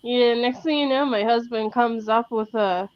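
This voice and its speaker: A woman's voice: on the high side, normal speed, dry recording, dull audio. A woman in casual chat, gossipy, telling anecdotes with giggles.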